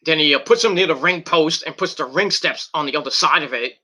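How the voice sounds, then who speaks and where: A man with a very bright, sharp-edged voice sitting slightly high for a man talks through a wrestling match. He rambles casually, stumbling over restarts and fillers and swearing freely. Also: a little fast. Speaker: wrestling reviewer. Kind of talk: casual recap and commentary.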